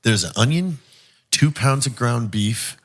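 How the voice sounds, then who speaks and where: A man's voice: medium pitch, animated, a little slow. A young man co-hosting a casual podcast, joking and laid-back, swearing casually. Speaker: podcast co-host. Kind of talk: casual chat.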